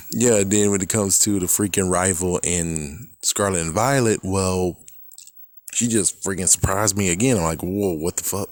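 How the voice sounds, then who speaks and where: Low-voiced man ranting casually. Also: no room sound. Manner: rambling, profane, exasperated. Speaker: video creator. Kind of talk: casual opinion rant.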